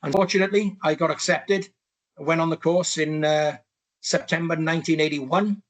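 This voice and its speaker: A man's voice: on the high side, fairly even intonation, moderate pace. Welsh man in his sixties, rambling. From Wales. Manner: rambling, many restarts and "you know". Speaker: podcast guest. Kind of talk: reflective life story.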